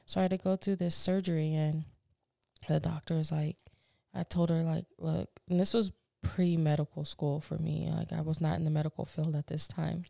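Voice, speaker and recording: Gravelly low-voiced woman telling a blunt story. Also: moderate pace, no room sound, studio quality. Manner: animated, blunt storyteller who swears and laughs at herself. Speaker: podcast co-host. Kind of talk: casual chat.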